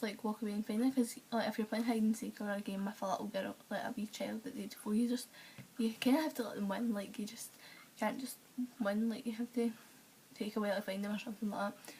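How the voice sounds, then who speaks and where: A woman's voice: medium pitch, dark tone, a little hiss or hum, low-quality recording. A woman telling rambling stories in a casual vlog, full of fillers and acted-out quotes. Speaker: vlogger.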